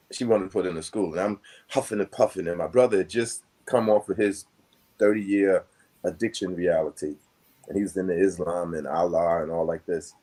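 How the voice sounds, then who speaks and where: An older man with a low, husky voice talks through a personal story at an unhurried, meandering pace, full of fillers and asides. His manner is reflective and conversational, as if talking with a friend. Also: darkish tone. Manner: rambling, reflective, with many fillers. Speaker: guest.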